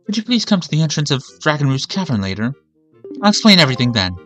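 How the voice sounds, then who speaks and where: A man's voice: fairly high pitch, very animated, fast talker, fairly bright tone, faint music behind. A man voicing a young, eager female bird-folk attendant who talks in an earnest, helpful and slightly flustered way. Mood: polite.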